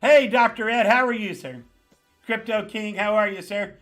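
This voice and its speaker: This is a man with a New York accent hosting a live chat, his voice bright and forceful and sitting a little high. He talks casually, hammers points home by repeating them, and greets viewers one by one. Faint music plays underneath. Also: normal speed. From the Bronx. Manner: animated, greets viewers by name, emphatic repetition. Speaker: livestream host.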